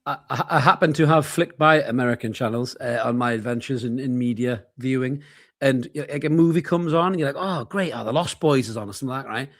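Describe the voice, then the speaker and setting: A man, co-hosting a casual live football watchalong, chatty and quick to swear and laugh. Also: medium pitch. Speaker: co-host of a football watchalong stream. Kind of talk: casual live match chat.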